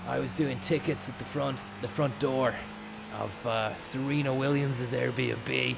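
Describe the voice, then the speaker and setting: Gravelly man spinning deadpan nonsense. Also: medium pitch, measured pace, noisy background. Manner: deadpan absurd tall tales, casual swearing. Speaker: comedy podcast host. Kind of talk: rambling comic monologue.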